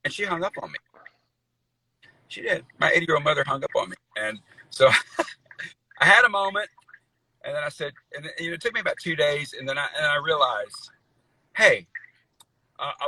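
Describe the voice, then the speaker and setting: A man's voice: on the high side, a little fast, pushed and bright, dry recording, rough recording. A middle-aged man, telling stories in a folksy, rambling way, full of fillers, on a video call interview. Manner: folksy storyteller, says y'all, many fillers. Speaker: guest country singer. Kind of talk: casual interview chat.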